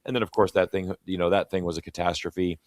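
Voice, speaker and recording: Fast-talking deep-voiced Canadian man. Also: level tone, no echo, clean studio sound. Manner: rambling, many "you know" fillers, opinionated. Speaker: co-host of a live talk stream. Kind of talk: casual political chat.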